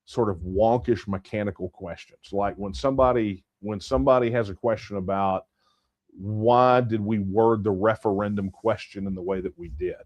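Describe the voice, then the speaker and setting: Relaxed, low-voiced male livestream host. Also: normal speed, dry recording, muffled recording. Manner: loose and conversational, thinks aloud with fillers and restarts. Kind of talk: casual late-night livestream Q&A.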